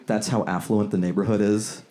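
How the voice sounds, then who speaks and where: A man from the Seattle area doing stand-up, loose and chuckling, slipping into quick character voices. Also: lowish voice, little pitch movement, warm tone. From Seattle area, USA. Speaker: stand-up comedian. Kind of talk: stand-up set, working on new material. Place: comedy club with a laughing audience. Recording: live club audience audible.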